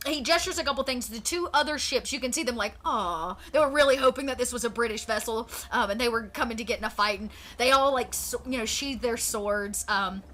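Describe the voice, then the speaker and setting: A woman's voice: a little high, fast talker, few pauses, a bit bright. A woman narrating as game master of a tabletop pirate game, chatty, with many fillers. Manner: chatty, lots of fillers and restarts.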